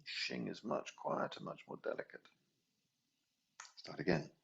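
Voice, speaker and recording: A man teaching a healing class, gently guiding breathing and chanting tones. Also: sits low, expressive, vocal fry, lo-fi sound, a little hiss or hum. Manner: slow, gentle guidance with sung tones. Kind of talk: guided meditation class.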